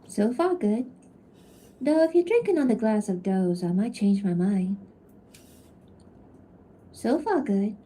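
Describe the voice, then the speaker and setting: A young southern woman with a Cajun accent drawls her lines for an animatic, as a woman puts her on. The voice is mellow and rounded, and the delivery is teasing and unhurried. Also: medium pitch, lively intonation. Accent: attempted Cajun. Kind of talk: animatic voice line takes.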